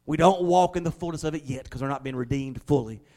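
A male pastor, preaching a sermon in a folksy, conversational way and leaning on slowed, emphatic stresses. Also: fairly high pitch, darkish tone. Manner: emphatic, with slowed dramatic stresses and acted-out prayers.

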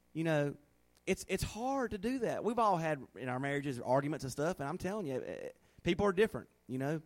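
A middle-aged man preaching a sermon in a folksy, animated way, acting out little scenes in a hushed voice. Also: a little high, a little fast. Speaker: pastor.

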